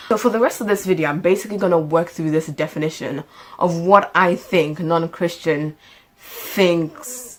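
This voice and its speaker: A woman's voice: fairly low pitch, normal speed. A young woman vlogger talking casually to her viewers at home, chatty and full of ums, calling them y'all. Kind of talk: casual sit-down talk to camera. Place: indoors at home.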